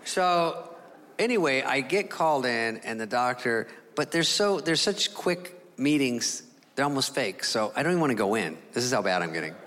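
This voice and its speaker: A man's voice: mid-range voice, sing-song, fairly bright tone. Sarcastic middle-aged man doing stand-up. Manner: sarcastic, self-mocking storytelling with quick voices for others. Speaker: stand-up comedian. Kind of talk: stand-up comedy routine. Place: large theater stage before a laughing audience. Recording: live hall with crowd noise.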